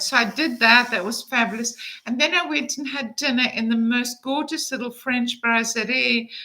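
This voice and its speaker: A woman's voice: high-pitched, sharp tone, poor audio. A woman in her fifties telling a travel story to camera in a chatty, enthusiastic way, with frequent fillers. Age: 50s. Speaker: travel vlogger.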